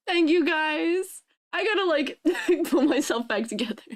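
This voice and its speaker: A woman streamer chatting casually with viewers, laughing and crying happy tears as she thanks them. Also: sits high. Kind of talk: casual live-stream chat.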